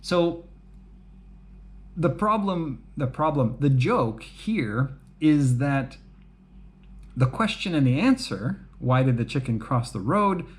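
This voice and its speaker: Slow-talking, chatty male English teacher. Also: medium pitch. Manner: relaxed, chatty, asks "right?" often; laughs at his own jokes. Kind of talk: slow, clear explanation for learners.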